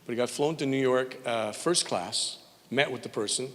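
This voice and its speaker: A man's voice: medium pitch, normal speed, a bit bright. A man from Montreal, a radio morning show host, giving an informal tribute speech full of rambling, jokey stories in which he acts out quoted voices. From Montreal, Canada. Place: large hall at an event. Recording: reverberant hall.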